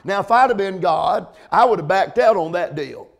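A middle-aged pastor with a high-pitched, gravelly voice and lively intonation preaches a sermon. He repeats words and frequently adds "amen," slowing to emphasize points and then rising to loud peaks.

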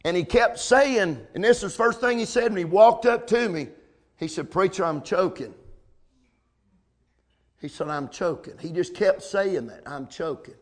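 A man's voice: high-pitched, expressive, moderate pace. A man preaching a sermon, calling out amen and come on now between points.

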